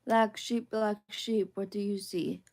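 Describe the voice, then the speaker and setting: For a soft ASMR bedtime session, a woman reads children's picture books aloud in a mellow, warm, mid-pitched voice. She sounds gentle and sing-song, with fairly even intonation and a slow pace.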